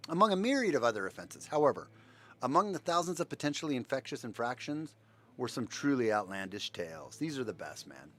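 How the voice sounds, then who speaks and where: A man's voice: mid-range voice, fairly bright tone. A man hosting a livestream, reading news items aloud and mocking them in a sarcastic, rambling commentary. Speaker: livestream host.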